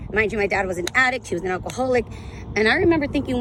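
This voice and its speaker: A woman's voice: fairly high pitch, lively intonation, very fast, background noise. A woman in her thirties candidly telling her addiction and recovery story in a raw, blunt, emotional way, swearing freely. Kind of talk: candid testimonial vlog.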